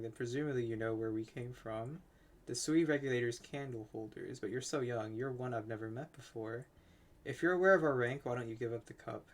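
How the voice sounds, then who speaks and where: A man's voice: medium pitch, lightly acted. A man voicing a stern, guarded older man reading game dialogue.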